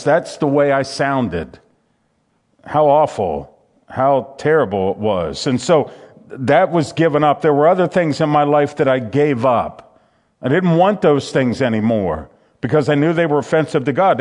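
Preacher guy, kinda high voice, reads bible verses then riffs on them, lots of restarts. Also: darkish tone. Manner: reads scripture aloud and comments, with repeated restarts. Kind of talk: sermon.

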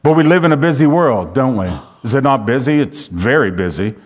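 A man's voice: mid-range voice, animated, brisk. A man preaching a sermon who reads scripture aloud and then repeats its questions back to the listeners.

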